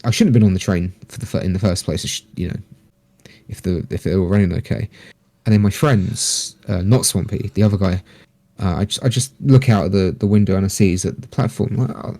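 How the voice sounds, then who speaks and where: A man, speaking in a low, warm register and telling a rambling story in casual conversation. He swears easily and puts on quick voices for other people's lines. The sound is dry and close. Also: gravelly, no echo. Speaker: podcast guest.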